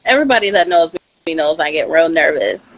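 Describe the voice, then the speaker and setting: A woman guest on a podcast, speaking hesitantly and shyly with soft laughs. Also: deep voice, lively intonation, brisk, dry recording, low-quality recording. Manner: shy, hesitant, laughs softly. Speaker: therapist guest. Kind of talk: casual interview chat.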